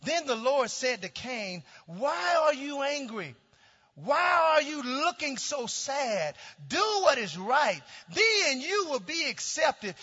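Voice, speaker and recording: High, shouting preacher in a reverberant hall. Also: male voice, big pitch swings, takes it slowly. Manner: preaching with call-and-response, swinging from shouts to low tones. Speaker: pastor. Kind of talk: sermon. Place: church sanctuary. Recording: dull sound with long hall reverb.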